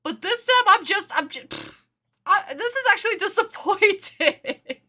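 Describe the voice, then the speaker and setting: A woman's voice: very high-pitched, animated, a little slow, sharp tone. A woman hosting a reaction video, ranting in exasperation and laughing at what she watches. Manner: exasperated, rants and laughs at the show. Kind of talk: casual reaction commentary.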